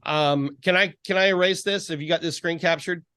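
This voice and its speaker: A man's voice: on the high side, fairly quick, sharp tone, dry recording, clean studio sound. A man coaching on a video call, encouraging and preacherly, often asking rhetorical questions. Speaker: life coach. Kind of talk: faith-based coaching call.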